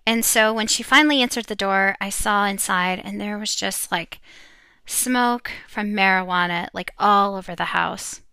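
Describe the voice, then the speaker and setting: A middle-aged woman sharing an emotional personal testimony about her faith, talking earnestly with pauses and fillers. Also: mid-range voice, bright, forceful tone, smooth, dry recording. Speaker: Christian speaker sharing a testimony.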